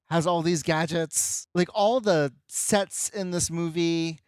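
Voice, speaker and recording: A man's voice: fairly high pitch, clean tone, no room sound, studio quality. A man talking casually and in a laid-back way about a movie on a podcast. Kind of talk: casual film discussion.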